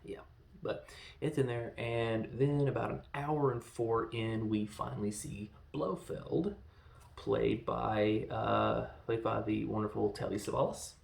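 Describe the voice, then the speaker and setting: A gravelly-voiced man in his thirties talks through a movie in a loose, rambling review. He is animated and drops into quick quoted lines along the way. The sound is roomy and echoey. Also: fairly low pitch. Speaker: podcast host reviewing films.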